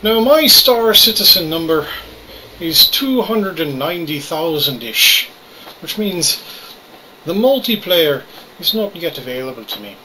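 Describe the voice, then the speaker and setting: A man's voice: fairly high pitch, very animated, a little slow, pushed and bright, slight background noise, poor audio. A man from Canada doing gameplay commentary in a put-on Irish accent, jokey and self-mocking. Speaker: gamer.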